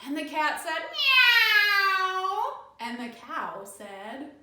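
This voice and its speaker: A woman librarian telling a folk tale for children, animated and inviting them to join in, in an echoey room from a distance. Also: fairly high pitch, unhurried. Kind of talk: children's storytime narration.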